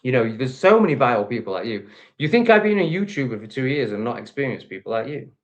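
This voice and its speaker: A man's voice: mid-range voice, very animated, quick pace. A man from England with an English accent, ranting angrily and profanely at the critics in his reaction video. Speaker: vlogger. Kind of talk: angry reaction rant.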